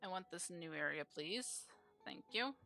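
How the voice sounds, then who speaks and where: A woman's voice: on the low side, expressive, unhurried, sharp tone. A woman streamer giving casual live commentary on a game, grumbling aloud and swearing freely.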